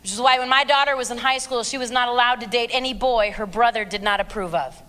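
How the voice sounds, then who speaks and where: A woman in her forties delivers a fiery speech to teenagers and parents. Her voice is high and sharply bright, and it sounds blunt, sarcastic and emphatic. The sound carries a long reverb from a large hall. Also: fast. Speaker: abstinence speaker. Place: large hall with a live audience.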